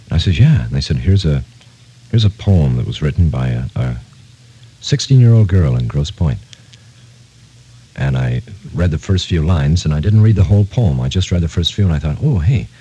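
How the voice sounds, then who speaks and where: A man's voice: extremely low pitch, animated, moderate pace, mellow, husky, lo-fi sound. A man working as a radio disc jockey, talking on air in a rambling, heartfelt, sentimental way from a studio. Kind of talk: casual on-air radio talk. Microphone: studio microphone.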